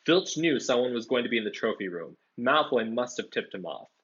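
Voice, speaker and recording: A man's voice: mid-range voice, animated, a little fast, fairly bright tone, breathy edge. A man voicing a bossy, clever schoolgirl who lectures snappily, read from a storybook. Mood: lecturing. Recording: dull lo-fi recording.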